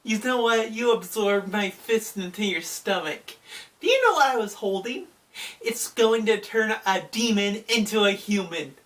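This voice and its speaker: Calm determined lady doctor, vlogger putting her on, bright tone, kinda distant mic. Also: medium pitch, a little slow. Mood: resolute.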